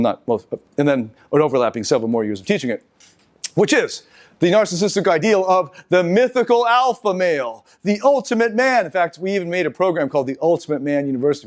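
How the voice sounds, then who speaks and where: A middle-aged man giving a live seminar lecture, talking in an animated, halting way with restarts and asides to the audience. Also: a little high. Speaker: seminar speaker.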